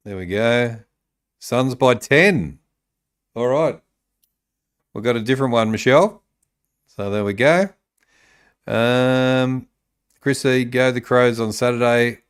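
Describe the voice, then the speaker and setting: A man's voice: mid-range voice, takes it slowly, long pauses, clear, resonant tone. An Australian man hosting a casual live-streamed talk show, reading out viewer comments with lots of ums and uhs. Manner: reads viewer tips aloud, many ums and uhs. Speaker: podcast host.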